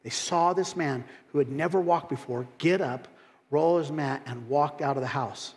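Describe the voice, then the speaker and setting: A man preaching a sermon in a church. He is animated, acts out the voices of critics with sudden loud, high rises, and drops in folksy asides and laughs. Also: normal speed. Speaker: pastor. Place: church sanctuary. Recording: long hall reverb.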